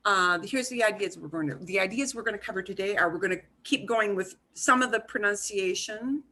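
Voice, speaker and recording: A woman's voice: mid-range voice, fairly quick, bright, forceful tone. A woman teaching a beginners' Spanish class over a video call, explaining patiently with repeats and fillers. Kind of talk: online class instruction.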